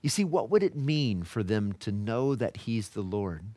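A man's voice: fairly low pitch, very animated, unhurried, darkish tone, no room sound. Earnest man teaching the Bible. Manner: earnest, voices God and the people when retelling scripture. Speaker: seminary lecturer.

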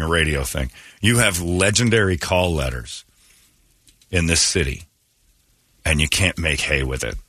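A man hosting a radio show, ranting and teasing in animated, casual talk from a studio. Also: a bass voice, husky. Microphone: studio microphone.

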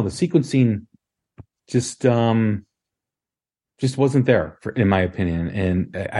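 A man hosting a casual music podcast, talking in a relaxed, rambling way with many ums and restarts. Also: fairly low pitch. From Chicago area. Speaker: podcast host.

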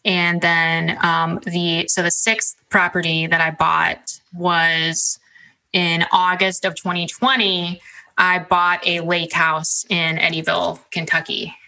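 Chatty young woman with a bright voice. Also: on the low side, level tone, takes it slowly, low-quality recording. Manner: chatty, many fillers like "like" and "um". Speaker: podcast guest. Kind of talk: casual interview chat.

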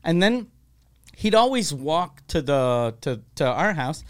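A man's voice: fairly high pitch, sing-song, slow. A man telling blunt, crude stories in a casual chat. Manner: storytelling, blunt, crude humor.

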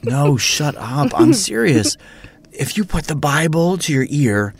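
A man's voice: fairly high pitch, very animated, measured pace, vocal fry, breathy edge, no echo, exaggerated voice. A man voicing a nervous young priest who rambles and stumbles when flustered.

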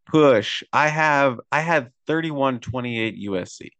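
A man hosts a casual sports podcast in a jokey, rambling way. His voice sits in a middle pitch. The sound is dry and close, with no room around it. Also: slow pace, a bit bright, dry recording. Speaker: podcast host.

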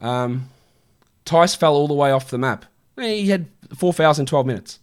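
Brief: man in his thirties, livestream Q&A host, blunt and sweary, quick to rant. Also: on the high side, expressive, clear, resonant tone. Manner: blunt, swearing, exasperated rants. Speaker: fantasy basketball streamer answering viewer questions. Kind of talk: casual livestream Q&A.

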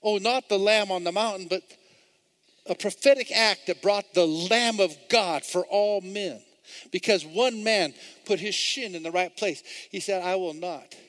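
A male pastor preaching a sermon in a church, swinging between hushed, intimate passages and loud, repeated calls to the congregation. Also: high voice, measured pace. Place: church sanctuary.

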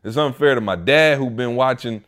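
A man's voice: mid-range voice, moderate pace, a bit bright. Male podcast host, joking and exasperated, mid-range voice. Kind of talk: casual chat.

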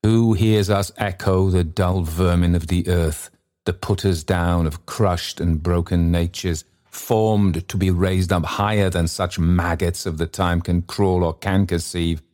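A stern bell goblin spirit voiced by a man accuses in a slow, solemn, low voice. It is an audiobook reading with deliberate phrasing. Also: fairly even intonation, darkish tone.

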